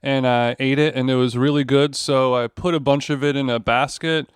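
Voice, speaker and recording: Picture a male chef lost in a wistful, rambling story about the wild berries he gathered, spoken in a smooth, clear voice. A man does the voice in a plain, close, dry recording. The telling drifts along unhurried. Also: mid-range voice, steady tone, no echo, close to an everyday voice. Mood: dreamy. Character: dreamy male chef telling a foraging tale.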